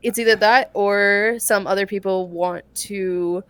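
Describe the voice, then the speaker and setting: Smooth-voiced young woman, rambling guest. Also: mid-range voice, steady tone, measured pace, no echo. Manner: chatty, rambling with many likes and ums. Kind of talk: casual interview.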